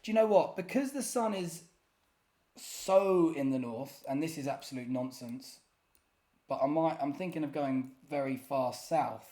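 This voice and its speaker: Man, game commentary, self-deprecating, muttering, fairly high voice. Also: expressive, unhurried, dark tone. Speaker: gaming YouTuber.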